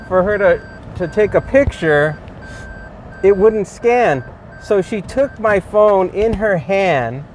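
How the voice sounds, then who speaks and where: Chatty man narrating from his car. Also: high-pitched. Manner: chatty storytelling, frequent fillers and chuckles. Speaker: delivery driver vlogger. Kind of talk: casual ride-along narration. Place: inside a car. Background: faint car and street noise.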